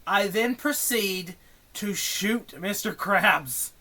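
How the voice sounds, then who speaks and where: A man's voice: high voice, slow, noisy background. A young man streaming a chatbot role-play game, casual and exasperated, swearing often. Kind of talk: casual live-stream commentary.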